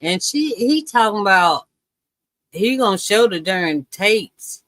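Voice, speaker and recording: A woman's voice: mid-range voice, lively intonation, slow, fairly bright tone. A woman co-hosting a live stream, chatting casually and drawling "girl" and "y'all". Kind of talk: casual chat.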